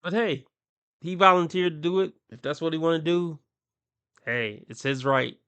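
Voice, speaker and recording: Blunt, crude man with gravelly voice. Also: a little high, normal speed, pushed and bright, dry recording, lo-fi sound. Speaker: streamer reacting to clips. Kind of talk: ranting commentary.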